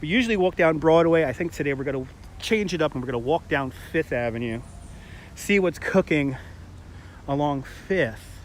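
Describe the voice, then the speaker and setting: A talkative man with a New York accent and a somewhat high voice hosts a live walking tour, joking and greeting viewers as he strolls. He is recorded outdoors on a handheld mic, with faint city noise behind him. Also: expressive, normal speed. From Brooklyn, New York. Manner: chatty, jokey, laughs often, greets viewers. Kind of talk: casual live-stream tour narration.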